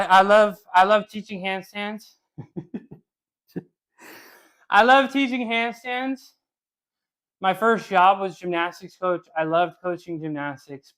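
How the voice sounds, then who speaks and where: Man, slightly higher voice, loose rambling live-stream workout coach who chats with viewers between sets. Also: fairly bright tone, clear, resonant tone. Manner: casual, rambling, repeats himself; talks to chat while exercising. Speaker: fitness streamer.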